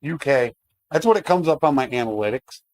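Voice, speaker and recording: A man's voice: medium pitch, lively intonation, brisk, a little mellow. Casual game-stream commentary, man. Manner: chatty, talks to chat while playing.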